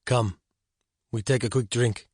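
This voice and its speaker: A man voicing a calm, unhurried middle-aged male rugby coach with an Argentinian accent, read in an audiobook. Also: medium pitch, husky, dry recording, clean studio sound. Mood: calm welcoming.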